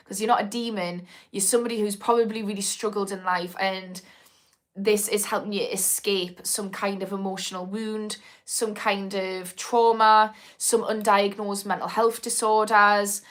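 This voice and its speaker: An addiction therapist from Newcastle in the north of England hosts a casual live-stream Q&A, reading out viewer comments. Her voice is medium-pitched and a bit bright, with a steady tone and moderate pace. She talks frankly, swearing and saying "um" a lot.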